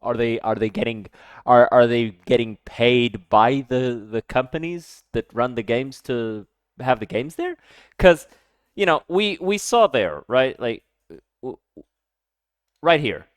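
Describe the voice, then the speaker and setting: Male streamer, casual live reaction, hot-tempered, animated delivery, dry close sound. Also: mid-range voice, slow pace, clear, resonant tone, no echo. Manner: heated, swearing, loud sudden outbursts.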